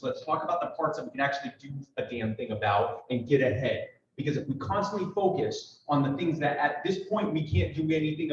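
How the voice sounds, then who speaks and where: A man's voice: a little high, fairly bright tone. A man giving a persuasive speech to a party audience, emphatic and full of rhetorical questions, acting out little dialogues. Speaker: political speaker. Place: large room at a party convention. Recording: echoey hall, picked up from a distance, muffled.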